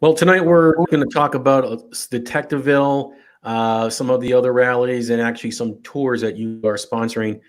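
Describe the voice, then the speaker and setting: A man's voice: mid-range voice, steady tone, a little fast. A man hosting a casual show, chatting and asking his guest easygoing questions. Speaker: host. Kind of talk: casual chat.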